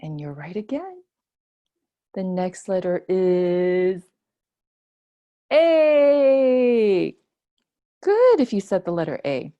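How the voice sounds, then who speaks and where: A woman's voice: lowish voice, dull audio. A woman, a children's librarian, teaching a preschool storytime lesson with gasps and a sing-song delivery for small children.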